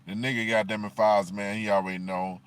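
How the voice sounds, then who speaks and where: A man's voice: on the low side, flat delivery, fast, smooth. Rambling, profane man. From Chicago, USA. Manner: rambling, profane, constant "you know what I'm saying" fillers. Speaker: livestream commentator. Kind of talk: unscripted livestream rant.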